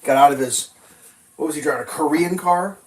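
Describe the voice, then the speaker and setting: A man's voice: on the high side, a little fast, poor audio. A man cooking pancakes at a griddle in his kitchen, telling stories in a loose, rambling and profane way. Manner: animated, profane storytelling. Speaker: vlogger cooking breakfast. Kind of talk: casual rambling chat.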